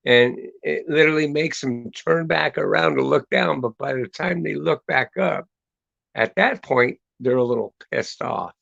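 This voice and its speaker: Gravelly-voiced man, crude casual chat. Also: on the high side, unhurried, fairly bright tone, no echo. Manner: chatty and crude, swears freely. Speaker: host. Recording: dull lo-fi dry recording.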